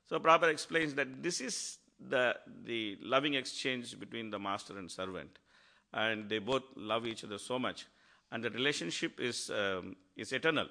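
A man's voice: brisk, creaky. A man giving a devotional talk, telling stories animatedly and acting out the quotes. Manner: animated storytelling, acts out quotes with rising pitch. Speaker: speaker at a devotional class.

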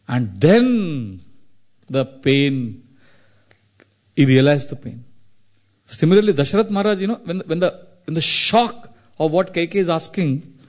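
A man from India, telling a devotional story as a sermon, in a dramatic, animated way. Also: on the high side. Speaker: spiritual speaker.

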